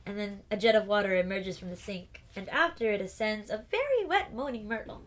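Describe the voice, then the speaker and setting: A woman reading the stage directions of a play aloud in a calm, even narrating voice. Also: mid-range voice, a little fast. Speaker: reader of an audiobook series.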